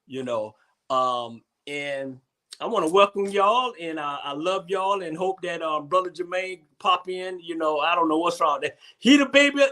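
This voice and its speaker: High, bright-voiced rambling man. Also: normal speed. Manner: rambling, repeats himself, laughs often. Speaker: host. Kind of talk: casual comedic chat.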